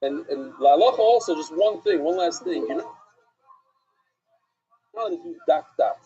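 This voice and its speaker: A rabbi runs a live-streamed Talmud class, posing questions to his listeners and answering them himself. His high, mellow, husky voice has a swooping, animated delivery at a moderate pace. The stream audio is dull and lo-fi, with faint music behind.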